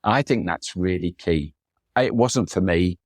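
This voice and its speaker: A man's voice: low voice, measured pace, no room sound, studio quality. A middle-aged man telling enthusiastic, chatty stories as a podcast guest, slipping into acted quotes. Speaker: photographer guest. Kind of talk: storytelling conversation.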